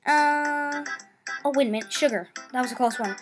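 A female gamer giving excitable let's play commentary, often stumbling over her words. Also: sits high, normal speed, music in the background.

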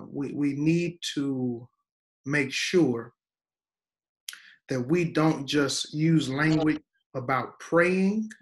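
A man, a guest pastor, teaching in a preaching style, emphatic and repeating words for weight. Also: mid-range voice.

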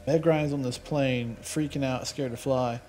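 A man's voice: mid-range voice, fairly even intonation, measured pace, darkish tone. A man giving casual let's play commentary, chatty and rambling, drifting into tangents and swearing casually.

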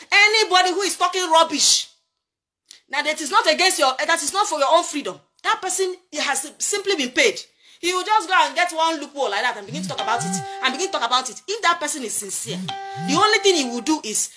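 Nigerian lady, super high sharp voice, preachy fired-up commentary, lots of rhetorical questions. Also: animated, fast talker, faint music behind. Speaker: political commentator. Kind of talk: impassioned commentary monologue.

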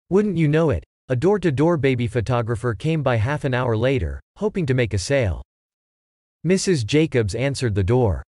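A man's voice: mid-range voice, very animated, moderate pace, a little mellow, no echo, studio quality. A man narrating a long joke in a scripted read-aloud storytelling delivery.

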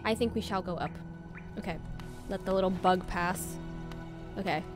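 A woman's voice: mid-range voice, moderate pace. A woman streaming a video game, chatting along and bursting into startled shrieks. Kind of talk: live gameplay commentary. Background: faint game music.

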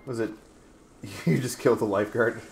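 Excitable man doing game commentary. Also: mid-range voice, moderate pace, gravelly, soft background music. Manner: excitable, swears at and taunts game enemies. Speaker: gaming channel host. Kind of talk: casual let's-play commentary.

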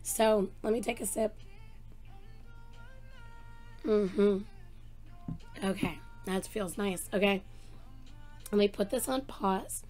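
A woman hosting a reaction vlog, chatting excitedly with a hoarse voice she is losing, talking into a desk microphone with many fillers. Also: mid-range voice, slow, long pauses, faint music behind. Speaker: reaction channel host. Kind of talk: casual chat to camera.

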